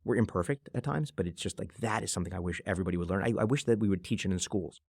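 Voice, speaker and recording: A man being interviewed on a podcast, telling stories quickly and acting out what people say. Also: low-pitched, husky, no room sound, clean studio sound. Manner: fast, animated storyteller who acts out quotes. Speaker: guest, venture investor.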